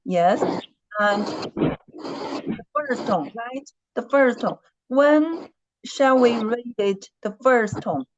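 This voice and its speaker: A woman's voice: on the high side, animated, drawn-out words, long pauses, highs cut off, background noise. A woman teaching a Chinese class online, patiently repeating her questions and humming while she thinks.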